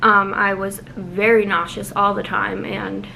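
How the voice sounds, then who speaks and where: Young woman, casual home vlog, slightly breathless, lots of ums, bright tone, faint background hum. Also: mid-range voice, level tone, gravelly, low-quality recording. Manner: chatty, fast-talking with many ums. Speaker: vlogger. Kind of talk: casual pregnancy update vlog.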